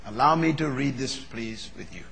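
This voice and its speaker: A man preaching a sermon, moving from low, measured talk to loud, fervent preaching. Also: creaky, crowd noise. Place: large hall. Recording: long reverb of a large hall.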